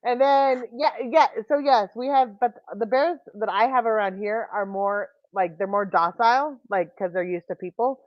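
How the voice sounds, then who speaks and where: Woman, livestream host, casual chat, rambling animated stories, muffled dry sound. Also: fairly high pitch, normal speed, few pauses, dry recording. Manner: rambling, animated storytelling with frequent restarts.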